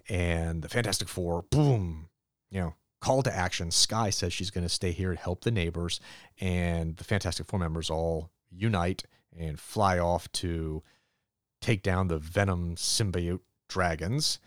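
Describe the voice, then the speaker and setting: A man's voice: sits low, no echo, studio quality. A man hosting a podcast alone, casually retelling a comic story in a rambling way and briefly voicing the characters. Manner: rambling recap with quick voiced asides for characters. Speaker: podcast host reviewing comics. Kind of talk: casual solo review recap.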